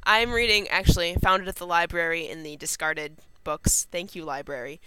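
A woman's voice: lowish voice, fairly even intonation, normal speed, pushed and bright, clear, resonant tone, no room sound, rough recording. A young woman with a Minnesotan accent, co-hosting a podcast in an eager, playful way. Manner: enthusiastic, playful. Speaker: podcast co-host. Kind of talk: casual chat.

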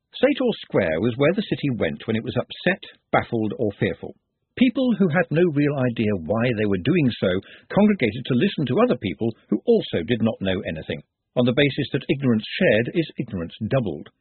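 A man narrating a story in a dry, wry, measured way. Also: mid-range voice, big pitch swings, husky, dry recording. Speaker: audiobook narrator. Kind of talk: scripted narration. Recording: dry, phone-like narrow sound.

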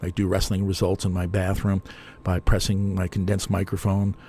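A man's voice: low voice, monotone, normal speed, warm tone, a little hiss or hum. An older man with a New Jersey accent, telling a long, digressive story in a chatty, self-mocking way as a radio host. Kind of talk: rambling storytelling monologue.

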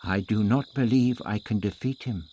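A man's voice: fairly low pitch, normal speed, dark tone, slight background noise, lightly acted. A man voicing a proud, formal male Aztec warrior who speaks in a stately way.

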